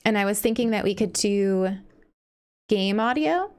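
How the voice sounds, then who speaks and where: A young woman talks casually to her live-stream viewers in an average-pitched voice, gushing with emotion and breaking into laughter at herself. Faint music plays in the background. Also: lively intonation, a little slow, clean tone.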